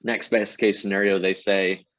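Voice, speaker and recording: Low-ish guy guest on a sales podcast, energetic, walks you through it step by step, dull dry call audio. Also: moderate pace, no echo. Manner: energetic, explains step by step, role-plays sales calls. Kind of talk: casual interview talk.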